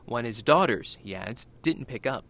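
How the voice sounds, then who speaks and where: A man's voice: mid-range voice, expressive, moderate pace, vocal fry, fairly bright tone. Man filing a radio news report.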